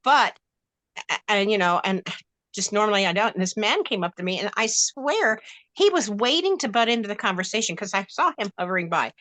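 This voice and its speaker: A woman's voice: medium pitch, expressive, fairly quick, a bit bright, no echo. An older woman telling a story bluntly on a discussion panel, speaking with many restarts and growing heat.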